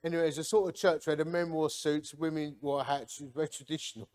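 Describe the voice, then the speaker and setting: A man, giving a lively, jokey personal testimony to a men's gathering and acting out the people in it. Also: a little high, quick pace. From Hornchurch, England. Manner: lively, jokey, acts out quotes.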